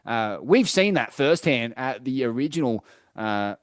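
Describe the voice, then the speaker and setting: Here a young Australian man, one of a podcast's co-hosts, chats casually and tells stories loosely, swearing often and leaning on fillers. His medium-pitched voice is expressive and unhurried, recorded in clean studio sound with no room sound.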